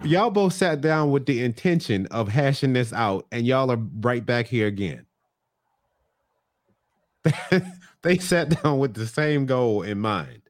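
A man's voice: medium pitch, animated, slow, no room sound, clean studio sound. A man co-hosting a podcast in casual chat about a reality show, laid-back and slangy, quoting the characters with laughter. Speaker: podcast co-host.

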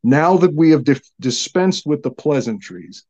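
A man's voice: fairly high pitch, expressive, a little slow, dark tone, muffled recording, voice pushed up. A man voicing a stern, confident wizard who speaks in a cold, clipped way, in a storybook reading.

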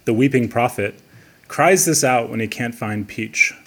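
A man with a husky, slightly rough voice at a middle pitch. He co-hosts a casual podcast chat and reads out pun clues, then chuckles at his own jokes. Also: unhurried, a bit bright. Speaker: podcast co-host posing quiz clues.

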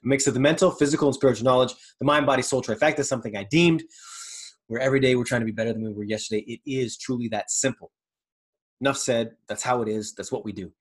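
A man's voice: medium pitch, husky. Rambling, earnest man hosting a motivational podcast. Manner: rambling, casual, swears freely, pauses to find words; earnest and reflective. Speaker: podcast host. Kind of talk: motivational monologue.

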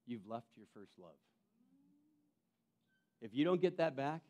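A man preaching a sermon as pastor, moving between emphatic calls and quiet, intense asides, often repeating and restarting phrases. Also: medium pitch, lively intonation, measured pace, dull audio.

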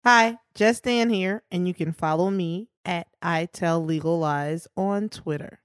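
A woman co-hosts a podcast, talking slowly and bluntly, teasing the others. Her voice sits mid-range, on a dry, close mic. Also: on the low side, clean tone, dry recording. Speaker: podcast co-host. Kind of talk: casual podcast banter.

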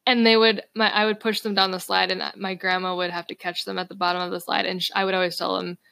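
A woman's voice: mid-range voice, flat delivery, fast talker, creaky, pushed and bright, dry recording. A young woman in her twenties co-hosting a podcast, chatty and giggly, with a voice that is half gone. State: losing her voice. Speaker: podcast co-host. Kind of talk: casual chat.

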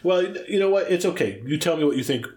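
A man's voice: a little high, animated, fast, a little mellow. A middle-aged man co-hosting a casual podcast, playfully quizzing his partner and joking as he explains word origins. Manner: teasing, jokey quizmaster. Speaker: podcast co-host. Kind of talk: casual chat.

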